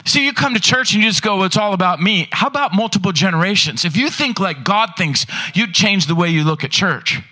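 A man preaching in a church, his voice sitting high and bright. He is animated and keeps firing rhetorical questions at the congregation. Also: a little fast, few pauses. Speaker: pastor. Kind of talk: sermon.

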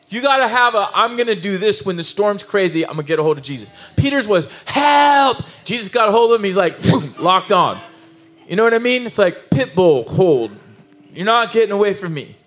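A man preaching a sermon in an animated, emotional, conversational way, full of asides and restarts. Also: high-pitched. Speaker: pastor.

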